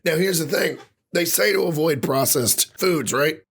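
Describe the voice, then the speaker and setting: Husky-voiced man ranting on a podcast. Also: a little high, a little slow. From Ireland. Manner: animated ranting with frequent swearing. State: rough voice recovering from lost voice. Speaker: podcast co-host. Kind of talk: casual podcast rant.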